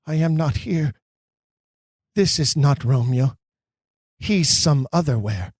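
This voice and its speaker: A man's voice: fairly high pitch, expressive, takes it slowly, darkish tone, husky, dry recording, studio quality, exaggerated voice. A man voicing a lovesick young nobleman in a withdrawn reading of stage verse. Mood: brooding.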